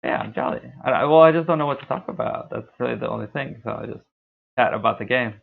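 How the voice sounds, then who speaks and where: A young man streaming a game, talking through his play in a laid-back, rambling way with a deep, dark voice. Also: fast talker, creaky, breathy edge. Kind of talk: casual gameplay commentary. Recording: tinny lo-fi stream mic.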